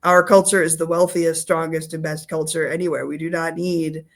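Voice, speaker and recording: A woman's voice: low-pitched, flat delivery, normal speed. A woman doing a haughty dismissive sultan.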